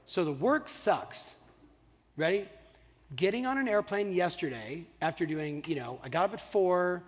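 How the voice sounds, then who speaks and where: A middle-aged man giving an energetic, profane motivational keynote on stage, often checking in with the audience. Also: sits high, measured pace. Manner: energetic, profane, asks the crowd "you with me?". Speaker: keynote speaker. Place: large hall on stage. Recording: long hall reverb.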